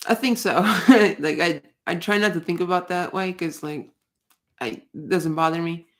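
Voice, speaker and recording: A woman's voice: on the low side, normal speed. A woman hosting a casual livestream, talking bluntly, swearing often and rambling with restarts. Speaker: livestream host. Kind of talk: casual ranting chat.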